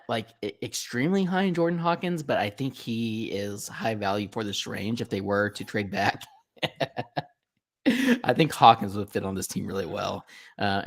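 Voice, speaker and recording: A man on a sports podcast panel, giving thoughtful takes with a lot of hedging. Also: lowish voice. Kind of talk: casual sports podcast chat.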